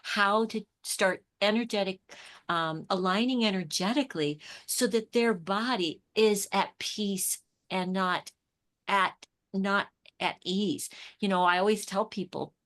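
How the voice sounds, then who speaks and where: A woman's voice: medium pitch, a little slow, fairly bright tone. Chatty woman telling spiritual anecdotes. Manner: enthusiastic storyteller, acts out quoted exchanges, repeats and restarts words. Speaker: author and intuition coach, guest. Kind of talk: casual spiritual interview chat.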